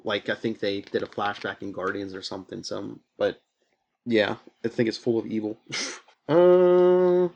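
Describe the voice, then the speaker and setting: A man's voice: on the low side, a little slow, gravelly, darkish tone, muffled recording. A man hosting a podcast, casually retelling a comic book plot with lots of fillers and rambling asides. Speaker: podcast host.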